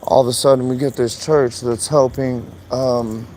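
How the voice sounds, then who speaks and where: A man live streaming from his phone outdoors, rambling and halting, full of fillers and swearing. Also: medium pitch, steady tone, darkish tone, slight background noise, poor audio. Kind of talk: emotional casual live stream monologue.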